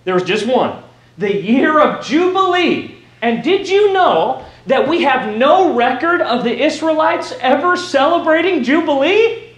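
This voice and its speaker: High-voiced preacher in a roomy church. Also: male voice, unhurried. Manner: animated, rises to shouting for emphasis. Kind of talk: sermon. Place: church sanctuary.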